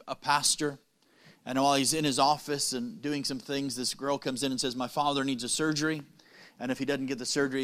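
A man preaching a sermon, telling a story with dramatic pauses and quick, punning asides. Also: medium pitch, a bit bright.

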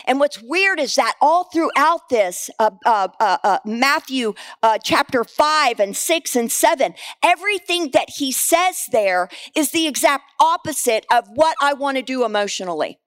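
A middle-aged woman preaching a sermon, animated and candid, mixing scripture with personal stories and laughing at herself. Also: sits high, moderate pace, hardly any pauses.

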